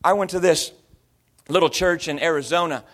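Guy preaching, kinda high voice, chatty story-heavy sermon, does little voices n accents. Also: normal speed, a bit bright. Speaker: pastor.

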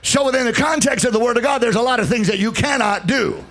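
A man preaching a church sermon, shouting and dropping low in turns, calling on the congregation to answer back. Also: quick pace. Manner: call-and-response, shouting and swooping between loud and low. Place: church service before a congregation.

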